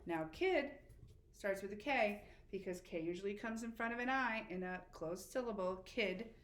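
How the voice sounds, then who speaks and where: Patient woman teaching a spelling lesson. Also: medium pitch. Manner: patient, encouraging, spells letters out slowly. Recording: echoey room with faint background noise.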